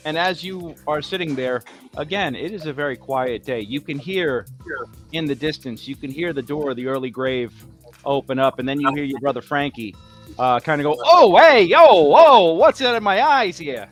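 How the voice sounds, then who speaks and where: A man running a tabletop roleplaying game as game master, narrating scenes in a relaxed, descriptive way with lots of fillers. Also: medium pitch, moderate pace, soft background music.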